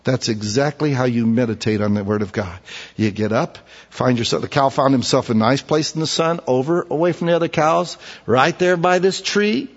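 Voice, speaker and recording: A man preaching a sermon, telling folksy stories and switching between quiet asides and loud, emphatic points. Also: medium pitch, normal speed, big-room sound, lo-fi sound. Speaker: pastor.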